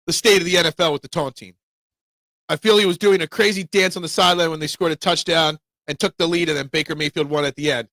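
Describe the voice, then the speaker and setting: A man hosting a live sports talk show, giving opinionated, excitable fan takes and answering chat. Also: a little high, gravelly, no echo.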